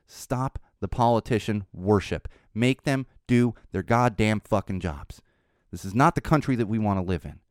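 A man's voice: lowish voice, a little mellow, dry recording. A man hosting his own podcast, delivering a blunt, profane, impassioned rant and then his sign-off from a studio. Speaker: podcast host. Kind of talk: ranting solo podcast commentary.

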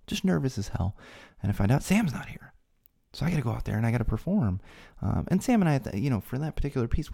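A man with a dark, relaxed tone and some gravel in it hosts a podcast. He tells a personal story in an earnest, candid way, speaking from the heart. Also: fairly low pitch. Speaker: podcast host.

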